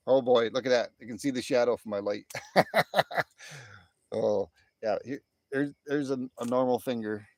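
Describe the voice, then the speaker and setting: A man's voice: mid-range voice, steady tone, unhurried, pauses often, warm tone. A middle-aged American man live streaming from beside an outdoor fire pit on his phone, chatting in a rambling, easygoing way with many restarts as he answers viewers. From United States. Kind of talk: casual chat reading viewer comments.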